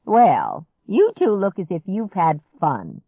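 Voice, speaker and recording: A woman voicing a chirpy, brisk old grandmother. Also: lowish voice, huge pitch swings, no room sound, pitched above the performer's own voice, exaggerated voice. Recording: dry, slightly muffled audiobook recording.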